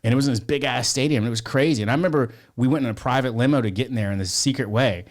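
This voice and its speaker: A man's voice: medium pitch, very fast. A man telling a story as a podcast guest, in a rambling, profane way full of "like" and "you know". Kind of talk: casual storytelling.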